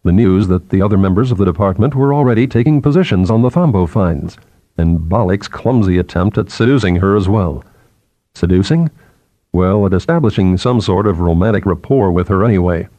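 Low-voiced man narrating an audiobook. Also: animated, fairly quick, warm tone, no echo.

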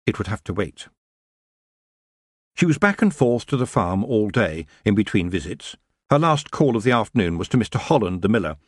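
A man narrating a fantasy audiobook in a lively storytelling manner. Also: on the low side, normal speed, breathy edge, dry recording, clean studio sound. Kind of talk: scripted narration.

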